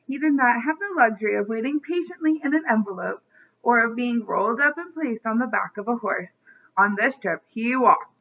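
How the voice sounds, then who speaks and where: A kindergarten teacher reads a chapter book aloud to young children, stopping now and then to explain the story. Her voice sits fairly high, and the recording sounds thin and phone-like. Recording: tinny phone-like line.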